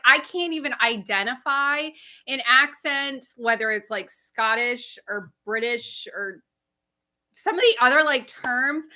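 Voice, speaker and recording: A woman from the United States co-hosting a casual livestream, telling stories in a relaxed, animated way. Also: on the high side. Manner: relaxed, animated storytelling, says y'all. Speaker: livestream co-host.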